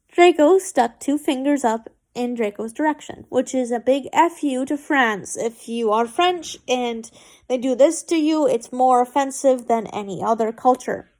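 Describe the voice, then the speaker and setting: A woman's voice: high voice, a little slow, darkish tone. A woman reading fan fiction aloud, stumbling and correcting herself, with chatty asides.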